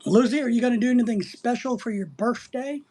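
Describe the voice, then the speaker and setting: A man's voice: very high voice, fairly quick, warm tone, a little hiss or hum. A middle-aged man hosting a casual livestream, reading out chat and rambling in a crude, joking way.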